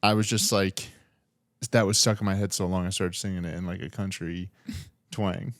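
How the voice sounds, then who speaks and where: A man's voice: low-pitched, fairly even intonation, moderate pace, no room sound. A young man co-hosting a podcast, chatting in a laid-back way with dry teasing. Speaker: podcast co-host. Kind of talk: casual chat.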